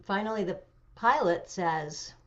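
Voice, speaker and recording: A woman in her seventies, an interview guest telling a personal story with animation, pauses and fillers. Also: medium pitch, animated. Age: 70s. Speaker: interview guest, memoir author. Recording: dull lo-fi audio.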